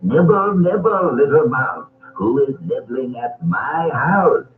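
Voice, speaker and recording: A man's voice: mid-range voice, big pitch swings, slow pace, echoey room. A man reading as an ugly old witch. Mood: coaxing. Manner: sugary then snapping. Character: ugly old female witch, sweetly false. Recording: tinny old record with music.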